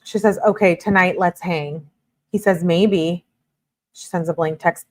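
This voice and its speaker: Lower-voiced woman reading texts aloud. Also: steady tone, unhurried, darkish tone. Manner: plain read-aloud delivery broken by exasperated asides. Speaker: true-crime commentary host. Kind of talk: reading text messages aloud with commentary.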